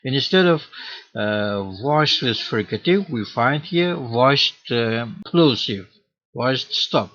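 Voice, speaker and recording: A man giving an academic lecture on historical linguistics, speaking haltingly with many pauses and fillers. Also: mid-range voice, animated, fairly bright tone. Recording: dull lo-fi recording.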